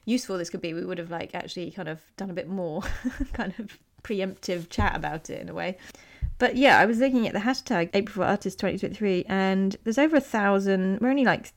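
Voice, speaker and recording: A woman's voice: mid-range voice, a little fast. A woman, co-hosting a podcast in casual chat, telling a long story with frequent laughter. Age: 40s. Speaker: podcast co-host.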